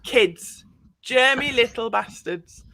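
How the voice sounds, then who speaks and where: A woman's voice: on the high side, lively intonation, slow pace, gravelly, heavy background noise. A woman performing a self-deprecating stand-up comedy set on a stage microphone, landing punchlines. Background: audience laughter.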